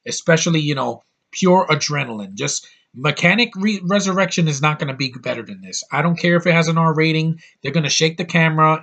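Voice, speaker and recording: A man's voice: on the high side, pushed and bright. A man in his thirties talking through a DVD haul in a casual vlog, blunt and opinionated, rambling with crude outbursts. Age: 30s. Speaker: YouTube reviewer.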